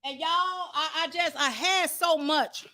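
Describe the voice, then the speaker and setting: Fervent high-voiced woman preaching. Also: takes it slowly. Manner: fervent, shouts praise, repeats phrases. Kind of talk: sermon.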